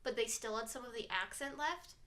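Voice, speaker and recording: A woman's voice: on the high side, fairly bright tone. A young adult woman co-hosting a podcast, chatting casually and teasing in a playful, joking way. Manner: playful, joking, quick to tease. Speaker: podcast co-host. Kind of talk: casual chat.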